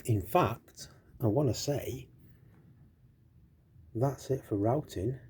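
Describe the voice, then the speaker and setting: A man's voice: medium pitch, takes it slowly, a little mellow, husky. A man chatting casually while he works on a guitar build in his workshop, thinking aloud and poking fun at himself.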